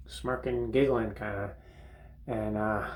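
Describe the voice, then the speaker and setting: An older man hosting a comedy monologue, telling a rambling, halting anecdote from a bathroom, full of restarts and chuckles. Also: fairly low pitch, steady tone, a little hiss or hum, low-quality recording. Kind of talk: seated storytelling monologue. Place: bathroom, seated on a toilet.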